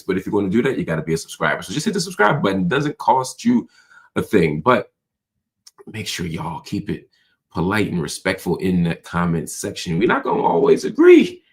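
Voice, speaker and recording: A low-pitched man hosts a nightly livestream in a loose, conversational way, calling his viewers y'all. His voice is a bit hoarse from a cold he is fighting. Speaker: host. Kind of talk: casual nightly livestream talk.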